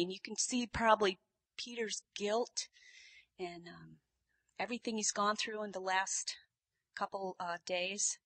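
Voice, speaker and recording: A woman preaching a sermon, telling the story with lively, animated delivery and sudden loud bursts. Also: mid-range voice, unhurried.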